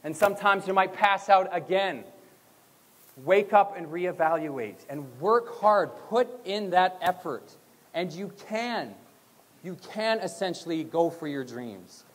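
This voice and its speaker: Young male motivational speaker, high voice, school hall with long reverb, energetic and chanting. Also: a little slow. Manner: energetic, leads chants with the crowd. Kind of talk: graduation speech. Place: school gym or auditorium.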